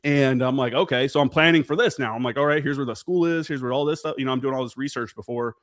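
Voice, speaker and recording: A man's voice: mid-range voice, fast talker, no echo, studio quality. A man in his forties, a veteran guest on a podcast, telling stories in a casual, profane way and acting out the remembered dialogue. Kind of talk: casual storytelling interview.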